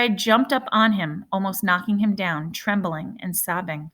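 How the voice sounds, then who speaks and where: A woman reads a novel aloud in a hushed, measured voice of middling pitch. She lets phrases hang in dramatic pauses, drawing the tension out slowly. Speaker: reader.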